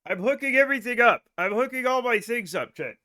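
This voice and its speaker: Casting: male streamer, high and bright, scattered self-mocking chatter into a desk mic. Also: animated, fairly quick. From United States. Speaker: game streamer. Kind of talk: casual livestream chat.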